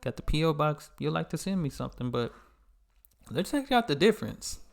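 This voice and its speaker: A man's voice: fairly high pitch, sing-song, brisk, gravelly. A man from the United States hosting a reaction channel, chatting casually in a laid-back, slangy way. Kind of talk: casual chat.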